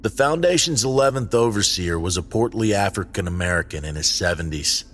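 Deep-voiced man narrating a story. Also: expressive, fairly quick, fairly bright tone, slight background noise. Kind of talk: scripted narration.

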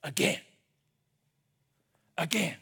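A man preaching a sermon as a pastor, telling stories in an animated, conversational way. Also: extremely slow.

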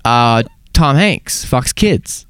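A man's voice: mid-range voice, animated, extremely slow, a bit bright, smooth, no room sound. A young man co-hosting a podcast in casual, joking chat. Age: young adult. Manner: joking, does impressions. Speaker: podcast co-host.

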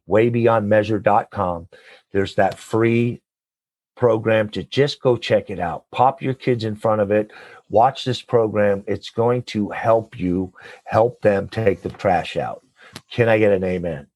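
Exuberant man, preacher-style pitch jumps. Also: a little slow, a little hiss or hum. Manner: animated, preacher-like call-and-response with sudden high jumps. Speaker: guest, nonprofit leader and coach. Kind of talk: enthusiastic interview talk.

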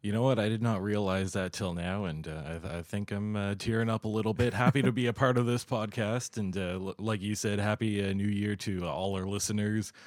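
A man hosting a sports podcast, chatting casually and warmly with many fillers. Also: fairly low pitch, steady tone, brisk, hardly any pauses, dry recording, studio quality. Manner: friendly, chatty, with frequent uh fillers. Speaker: podcast host.

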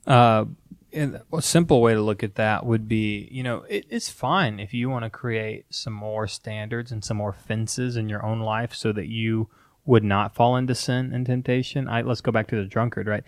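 A man's voice: lowish voice, moderate pace, no echo, clean studio sound. A man, a pastor, explaining ideas in a casual, earnest teaching discussion and acting out quoted examples. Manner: earnest, conversational, animated quoting.

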